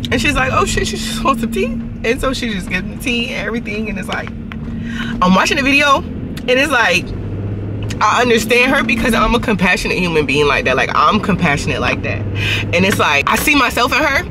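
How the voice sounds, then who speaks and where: A woman's voice: medium pitch, expressive, a little fast, noisy background. A young woman, chatting casually to camera for her vlog, telling stories in an earnest, rambling way and acting out both sides of conversations. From Norfolk, Virginia. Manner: earnest, rambling storytelling with quoted back-and-forth. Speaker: vlogger.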